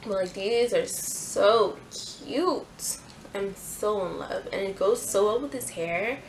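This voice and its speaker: A woman's voice: mid-range voice, takes it slowly, a little hiss or hum, rough recording. A young woman hosting a casual clothing haul vlog, chatty and gushing, with lots of fillers. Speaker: fashion YouTuber.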